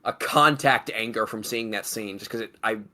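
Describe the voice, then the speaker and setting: A man's voice: lowish voice, normal speed, pushed and bright. A man co-hosting a stream, giving strong opinions and swearing freely while talking about a video game. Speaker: stream moderator and co-host.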